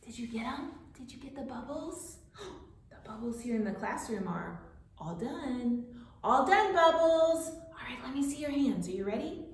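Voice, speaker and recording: A woman leading a children's storytime in a library classroom, reading aloud and singing in an animated, sing-song way with gasps of delight. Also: high voice, moderate pace. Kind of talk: children's storytime with songs and signing. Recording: echoey room.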